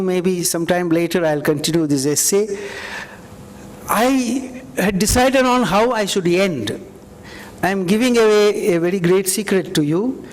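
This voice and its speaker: A man's voice: sits high, a little mellow. A man giving a university lecture, reflective and conversational, often saying "you know". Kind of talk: university lecture with audience questions. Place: lecture hall. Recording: reverberant hall.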